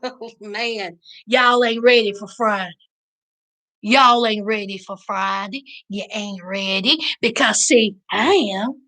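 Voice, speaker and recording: A woman hosting a live-stream recap, chatting with her viewers in an animated, preachy way. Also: medium pitch, a little slow. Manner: animated, preachy, Southern slang, addresses chat as y'all. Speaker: reality TV recap host.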